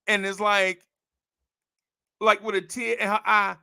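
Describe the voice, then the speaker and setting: A man with a bright, high voice and a gravelly rasp tells a comic story about his own life. He talks casually and with energy, laughing often and calling the listener bro. The recording is dry and close. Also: little pitch movement, measured pace, no room sound. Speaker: storyteller host.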